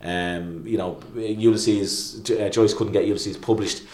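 Guy chatting away, lowish voice, keeps restarting himself, echoey room. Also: fairly even intonation, measured pace, darkish tone. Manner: rambling, frequent restarts and fillers. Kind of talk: casual chat.

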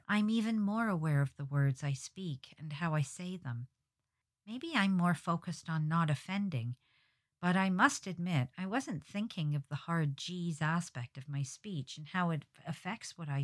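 A woman with a low, deep-set voice and a British accent talks through her own solo podcast. Her delivery is wry and reflective, with the even flow of a prepared script. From Britain. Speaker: podcast host.

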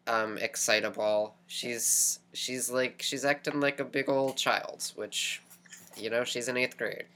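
A woman's voice: a bass voice, steady tone, a little slow, a bit bright. A woman co-hosting a podcast, recapping a TV episode in casual chat, telling it animatedly and often repeating words as she thinks. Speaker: podcast co-host.

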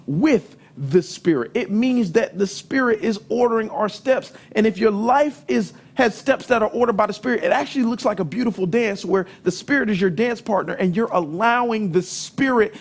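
A middle-aged man with a high voice preaches a sermon, weaving in lively stories from family life. He leans hard on key words and at times raises his voice to a shout. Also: moderate pace, hardly any pauses. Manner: lively storytelling, emphatic, sometimes shouting.

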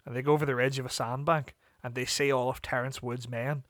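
Bright-voiced man spinning a comic story. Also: mid-range voice, fast talker, no echo, studio quality. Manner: animated, laughing, acts out characters. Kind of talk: improvised comedy storytelling.

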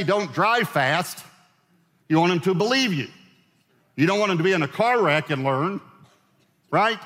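A man's voice: sits high, a bit bright, in a large hall. A male pastor preaching a sermon in a conversational way, asking his congregation questions as he goes.

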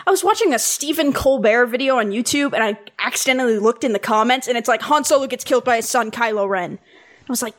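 A woman in casual fan chat, lively and laughing, her pitch rising on exclamations. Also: fast talker.

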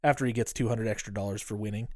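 A man's voice: on the low side, racing, dry recording, studio quality. A man co-hosting a podcast, casually recapping a movie, swearing freely and acting out the characters' lines. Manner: animated storytelling, acts out characters' lines. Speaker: podcast co-host.

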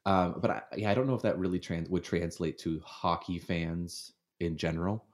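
A man's voice: sits low, fairly even intonation, moderate pace. A man co-hosting a casual podcast, telling self-mocking jokes. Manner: wry, self-mocking humor. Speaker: podcast co-host. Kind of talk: casual chat.

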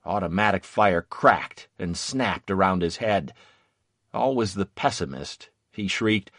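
A man narrating a first-person memoir in a measured, grave reading. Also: deep voice, expressive, no echo, studio quality.

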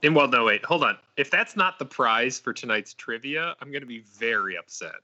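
A man's voice: medium pitch, lively intonation, a little fast, sharp tone. A man in a casual podcast chat who chimes in eagerly and playfully. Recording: dull lo-fi audio.

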